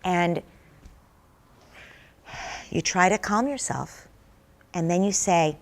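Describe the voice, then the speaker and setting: A woman's voice: lowish voice, slow, long pauses. A middle-aged woman answering interview questions as a parenting expert, speaking earnestly and walking through everyday examples. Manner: earnest, explains by acting out example dialogues. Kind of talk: interview answer, conversational advice.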